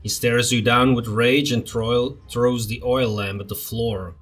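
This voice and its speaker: A let's play host reads the game's text aloud like a storybook and breaks off for blunt comments. His voice sits at a middle pitch. Faint music plays under him. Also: steady tone, unhurried, fairly bright tone. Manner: dramatic storybook reading, blunt asides. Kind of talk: reading game text aloud with casual comments.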